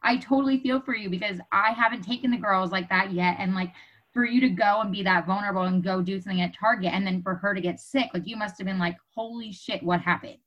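A woman's voice: medium pitch, fast, fairly bright tone, lo-fi sound. A woman in casual chat who leans in with sympathy. She talks loosely, with plenty of fillers, as a mother of young girls. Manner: sympathetic, filler-heavy talk.

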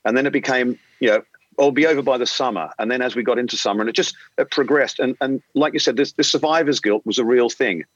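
A man in middle age talks through his story in an animated way, breaking into the voices of the people he quotes. His sound is close and dry, with a slightly dull, muffled tone. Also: mid-range voice, fast talker, dry recording. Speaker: airline captain, interview guest. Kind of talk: conversational storytelling.

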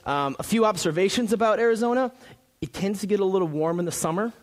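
A man's voice: high voice, quick pace. A young male pastor from Minnesota preaching a sermon from a church stage, in a joking, conversational way. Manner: jokey, conversational, lively.

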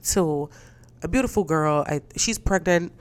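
A woman with a very low voice chats loosely on her own podcast. She rambles, restarts her sentences and laughs between them. Her voice sounds a little stuffy, and she speaks into a podcast mic. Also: measured pace. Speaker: podcast host. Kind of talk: casual solo podcast chat.

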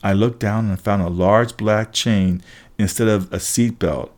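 Low-voiced man reading a story aloud. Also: steady tone, measured pace, darkish tone. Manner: occasional slips and restarts. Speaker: audiobook reader. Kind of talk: first-person story narration.

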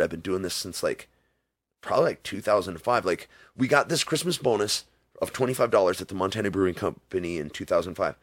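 Recorded dry, a low-pitched man tells meandering stories during a casual interview, voicing the quotes himself.

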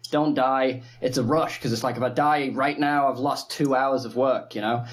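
Man, casual group call, relaxed, filler-heavy, mid-pitched voice. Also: normal speed. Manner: laid-back, laughs often, trails off with fillers. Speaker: guest gamer.

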